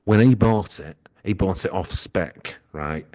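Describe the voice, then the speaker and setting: A man co-hosting a comedy podcast, reading a story aloud and joking in a playful, deadpan way. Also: deep voice, a little slow. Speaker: podcast co-host.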